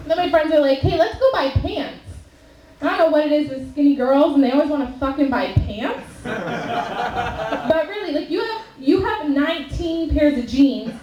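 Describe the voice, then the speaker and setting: A young woman from Canada doing a stand-up comedy set on a club stage, chatty and profane, with "like" in nearly every sentence. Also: high-pitched. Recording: roomy club sound, mic at a distance.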